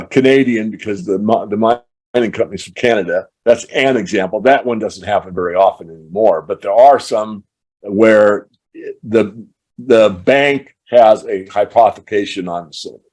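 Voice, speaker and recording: A man hosting a casual podcast conversation, explaining his points in long, measured run-on thoughts. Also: lowish voice, a little mellow. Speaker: show host.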